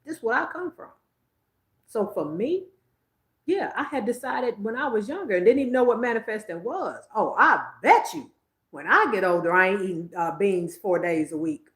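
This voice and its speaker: A woman's voice: mid-range voice, expressive, normal speed, a bit bright, echoey room. A woman, hosting a psychic livestream in casual, emphatic chat, laughing often. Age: 50s.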